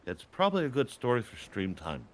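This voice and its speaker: A man's voice: mid-range voice, huge pitch swings, fairly quick, a little hiss or hum. A man talking casually on a stream as a guest, rambling and laughing a lot as he explains things.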